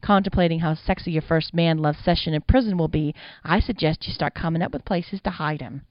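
A woman's voice: low-pitched, fairly even intonation, fairly quick, no room sound, highs cut off, lightly acted. A woman voicing a young man who is a bossy, threatening bully.

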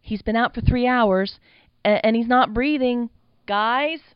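A woman's voice: mid-range voice, animated, moderate pace, dry recording, lo-fi sound, voice pushed up, natural voice. Woman doing a whimpering, timid young man. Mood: alarmed. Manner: whimpering, pleading.

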